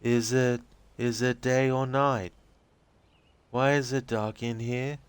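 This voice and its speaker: A man voicing a fragile, confused young waitress who is crying, speaking in slow, halting, tearful pleas while reading game transcripts aloud. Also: mid-range voice, level tone, clean tone, no echo, pitched above the performer's own voice, natural voice. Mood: dazed.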